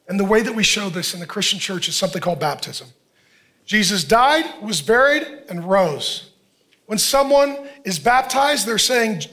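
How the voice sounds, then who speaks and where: A man's voice: high voice, very animated, moderate pace, pushed and bright. A male pastor preaching a sermon with impassioned, urgent pleading.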